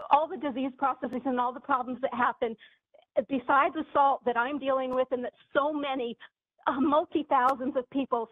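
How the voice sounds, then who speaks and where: A woman giving an angry, impassioned public comment with halting phrasing, heard over a call. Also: high-pitched, no echo. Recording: phone-like dry call audio.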